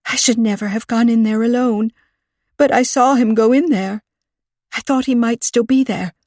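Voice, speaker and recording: A woman's voice: normal speed, darkish tone, no room sound, clean studio sound. A woman voicing a panicky, breathless assistant librarian. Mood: panicked. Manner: breathless, panicky, high and tremulous. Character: frantic, soft-spoken older woman librarian's assistant. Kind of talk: audiobook character reading.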